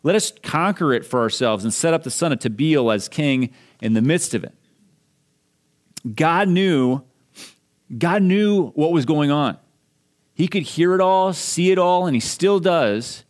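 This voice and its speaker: A man's voice: on the high side, animated, unhurried. A man from Minnesota, a pastor giving a sermon, explaining scripture verse by verse in a conversational way.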